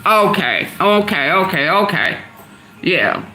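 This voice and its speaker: A woman's voice: on the low side, big pitch swings, takes it slowly, bright, forceful tone, faint music behind. A middle-aged woman, hosting a live stream and chatting with her viewers as she reads their comments aloud. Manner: chatty, answers chat comments aloud, laughs often. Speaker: livestream host.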